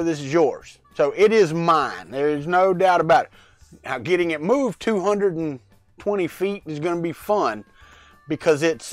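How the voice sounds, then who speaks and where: A middle-aged man with a high, light voice chats loosely on a home livestream, wandering off topic and calling out viewers by name. His voice is close and dry on a clip-on mic, with faint music underneath. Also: no room sound. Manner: rambling, chatty, greets viewers by name. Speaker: livestream host. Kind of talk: casual live-chat vlog. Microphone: lavalier mic.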